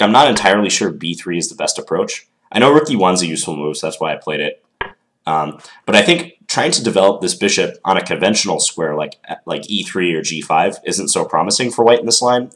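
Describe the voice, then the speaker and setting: Deep-voiced guy with a stuffy cold nose, rambling casually through chess moves, lots of ums. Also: a bit bright. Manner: thinking aloud, hedging with ums. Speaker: chess commentator. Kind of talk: casual game analysis.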